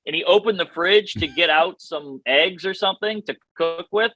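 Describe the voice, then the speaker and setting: An American man in his thirties, a comedian guest telling stories casually with quick, jokey asides. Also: high voice, bright, forceful tone, no echo, low-quality recording. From United States. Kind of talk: casual chat.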